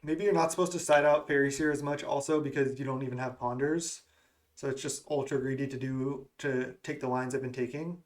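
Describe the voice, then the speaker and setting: A gaming content creator thinks aloud while playing an online card game, musing over his moves and questioning himself as he goes. He has the hiccups, and his medium-pitched voice is fairly even in intonation and a little fast.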